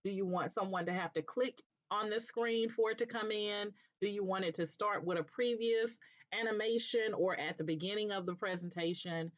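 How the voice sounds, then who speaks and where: A woman presenting a screen-recorded software tutorial, explaining patiently step by step and checking in with "okay", with an occasional cough. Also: medium pitch, normal speed. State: coughing now and then. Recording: dull lo-fi recording.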